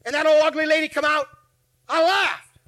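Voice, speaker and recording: Forties male pastor, high and bright, acts out his stories between loud bursts and quiet asides. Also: moderate pace. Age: 40s. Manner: animated storytelling, acting out scenes, swinging from shouts to low asides. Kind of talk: sermon.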